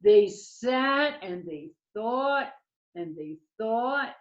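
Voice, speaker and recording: A woman reading a picture book aloud to children, gentle and expressive. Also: on the high side, drawn-out words. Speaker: children's storyteller. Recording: slightly muffled lo-fi recording.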